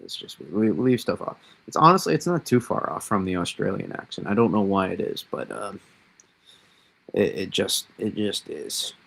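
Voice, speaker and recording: Gravelly low-voiced man with a Massachusetts accent. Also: sing-song, fairly bright tone. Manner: thinking aloud, halting, many fillers. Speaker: weather stream host. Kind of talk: casual live weather analysis.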